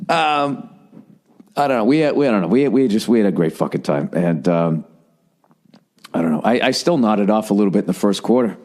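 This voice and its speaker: Middle-aged male podcast host, profane rambling storyteller, lively pitch swings. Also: a little fast. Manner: profane, animated storytelling with acted quotes. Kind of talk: casual rambling monologue.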